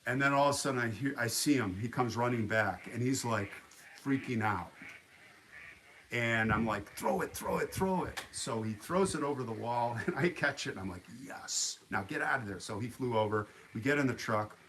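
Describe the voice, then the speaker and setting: A man hosting a livestream, telling a story in a casual, animated way with frequent restarts. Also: medium pitch, normal speed, a little hiss or hum. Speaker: livestream host.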